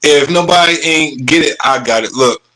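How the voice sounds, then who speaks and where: A man's voice: fairly high pitch, normal speed, noisy background. A man hosting a casual interview, asking questions and encouraging his guest to go on. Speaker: interview host.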